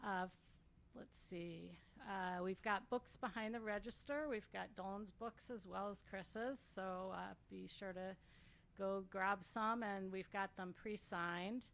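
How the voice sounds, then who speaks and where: A woman at mid pitch hosts a bookstore author event. She gives the announcements and introductions casually, with hesitant fillers. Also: fairly even intonation, measured pace, gravelly, fairly bright tone. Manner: friendly, informal with fillers.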